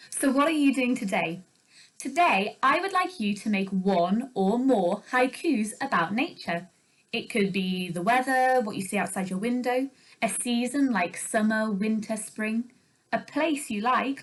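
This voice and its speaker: A young woman teacher giving a recorded home-learning lesson, clear and upbeat, explaining things slowly for children. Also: a little high, low-quality recording. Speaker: primary school teacher.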